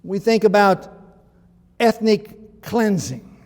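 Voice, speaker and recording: A man's voice: high voice, lively intonation, slow, a little mellow, long reverb tail. A male pastor preaching a sermon in a conversational, emphatic way, with frequent restarts.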